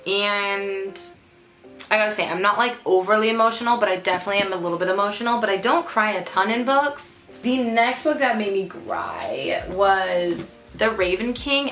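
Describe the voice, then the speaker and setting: A book vlogger in her twenties chats casually to camera, gushing and emphatic and repeating words for stress. Her mid-range voice is a bit bright, recorded in an echoey room with faint music.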